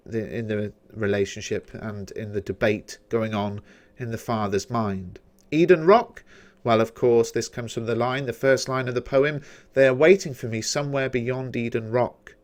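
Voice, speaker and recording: A man with a British accent explaining poetry quotations in a revision lesson, measured and explanatory. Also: mid-range voice. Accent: British English. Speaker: English teacher.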